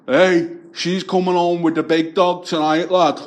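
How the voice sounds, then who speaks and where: A man's voice: sits high, a little slow, a bit bright, pitched above the performer's own voice. A man putting on a big, crude nightclub lad who brags and threatens. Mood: aggressive. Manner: menacing, crude bragging.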